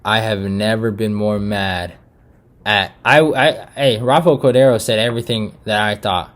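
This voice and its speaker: A young man from Eritrea hosting a casual fight recap, frustrated and animated, swearing often and restarting his sentences with lots of fillers. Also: lowish voice, normal speed. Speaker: MMA prediction channel host.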